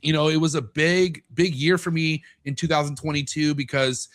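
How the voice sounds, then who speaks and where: A man's voice: on the high side, steady tone, moderate pace, fairly bright tone. A man in his thirties talking as a podcast guest in casual chat, candid and swearing freely, acting out what people said to him.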